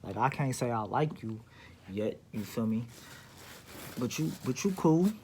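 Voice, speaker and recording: Slow laid-back young man telling a story. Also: mid-range voice, animated, darkish tone, a little hiss or hum. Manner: laid-back slangy storytelling, many fillers. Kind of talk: casual storytelling vlog.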